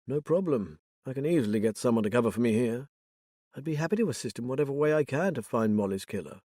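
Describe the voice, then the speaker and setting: Casting: man playing a courteous, keen helper, quick-spoken, dry close sound. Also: mid-range voice, lively intonation, dark tone, dry recording, natural voice. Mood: eager.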